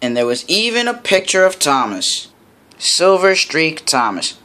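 Storyteller, male, lively rising and falling pitch, higher voice, laughs between lines. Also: measured pace, slight background noise. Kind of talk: fan storybook narration.

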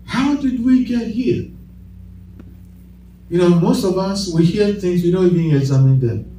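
Speaking slowly in a high, mellow voice, this pastor delivers a sermon in church, trading call-and-response with the congregation and laughing in bursts between stories. Slight background noise and the echo of the hall come through a far-off mic.

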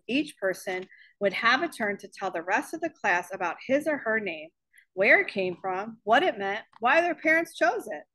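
A woman teacher reading a children's novel aloud, giving the characters' lines their own voices. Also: mid-range voice. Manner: expressive storybook reading with voiced dialogue.

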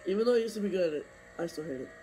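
A young man with a high-pitched, strained voice talks over a racing game he is playing. He grumbles at other players and bursts into excited yelling. A faint hiss sits under the recording. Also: racing. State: losing his voice. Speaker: gaming streamer. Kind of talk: live gameplay commentary.

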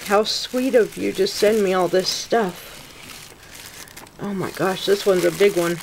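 Slow, gushing woman crafter unboxing gifts. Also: medium pitch, fairly even intonation, vocal fry, slight background noise. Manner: slow, gushing, gasping and near tears with gratitude. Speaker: crafting vlogger opening a gift package. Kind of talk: casual unboxing chat to camera.

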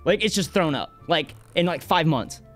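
A man co-hosting a casual game playthrough, talking in an excitable, rambling, jokey way. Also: fairly high pitch, normal speed, soft background music. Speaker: co-host gamer. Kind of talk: casual let's-play chat.

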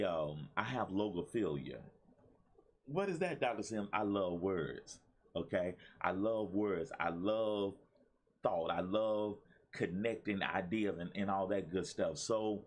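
A man's voice: fairly low pitch, breathy edge. A man, a pastor and motivational speaker, giving a preachy talk to his viewers, repeating himself and calling out to the audience. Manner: preachy, repetitive, calls on the audience.

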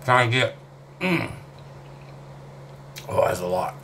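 A man's voice: fairly low pitch, big pitch swings, slow pace, gravelly, pushed and bright, slight background noise. Man groaning through hot sauce. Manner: drawling, swearing, groaning between bites. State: mouth burning, sweating. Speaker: vlogger eating hot sauce. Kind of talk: casual self-filmed vlog.

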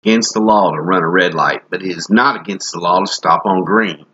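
A man's voice: low-pitched, fairly quick, fairly bright tone, dull audio, slight background noise. A man preaching a comic sermon in a folksy, joking, rambling way.

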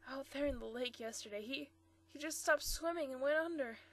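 An enraged young man from a storybook, read by a woman snaps out harsh accusations in a high voice. He speaks through clenched teeth, bitter and threatening. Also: a little fast. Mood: furious. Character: angry young blond man, grieving fiancé.

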